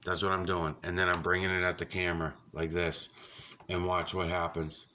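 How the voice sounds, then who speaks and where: A man vlogging casually from his computer desk, rambling, swearing often and getting excitable, with lots of fillers. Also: low voice, moderate pace, a little hiss or hum. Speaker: YouTube vlogger. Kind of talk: casual off-the-cuff vlog talk.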